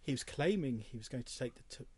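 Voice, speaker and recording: A man's voice: medium pitch, expressive, fast talker, darkish tone, slightly rough. Level-voiced male, plain matter-of-fact corrections. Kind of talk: casual chat.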